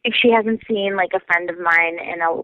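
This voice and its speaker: A woman's voice: lowish voice, normal speed, no echo. Chatty woman on a tinny line. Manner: chatty storyteller, acts out quotes with swearing. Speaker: conversation partner. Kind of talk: casual chat. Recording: tinny phone-like dry sound.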